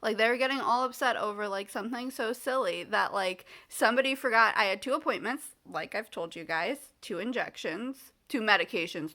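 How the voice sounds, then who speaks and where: A woman's voice: on the high side, sharp tone. A woman vlogger from the United States in casual chat to the camera, rambling with many fillers and acting out the people in her story with exasperation.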